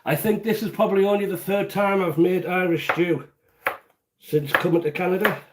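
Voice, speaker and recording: A man's voice: high voice, fairly even intonation, moderate pace, noisy background. A man from the UK hosting a casual live cooking stream from his home kitchen, chatty and jokey, rambling as he greets viewers by name. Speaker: cooking show host.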